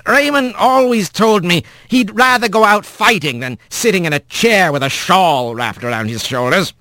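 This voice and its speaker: A man voicing an older, gravelly-voiced male bird doctor who speaks in a measured, gruff, matter-of-fact way. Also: sits high, lively intonation, bright, forceful tone, dry recording, pitched above the performer's own voice, exaggerated voice.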